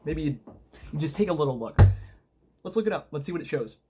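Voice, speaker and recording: A man's voice: a little high, expressive, quick pace, dark tone, husky, faint music behind. A man narrating a sarcastic political video essay, combative and mocking, full of rhetorical questions. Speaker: political commentary video host.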